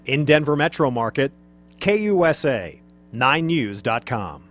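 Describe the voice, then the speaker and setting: A man presenting awards, reading out categories and winners briskly. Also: medium pitch, very animated. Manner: brisk, announcing.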